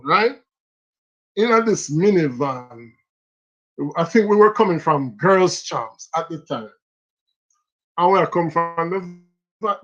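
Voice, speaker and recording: A host with a Jamaican accent telling funny stories in a casual live stream, animated and laughing often. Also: mid-range voice, muffled recording. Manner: animated, laughs often between lines, speaks Jamaican Patois.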